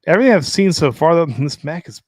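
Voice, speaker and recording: A man's voice: on the high side, animated, quick pace, no echo, studio quality. A man hosting a casual livestream chat, rambling and teasing his co-host, often stammering as he restarts. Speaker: show host.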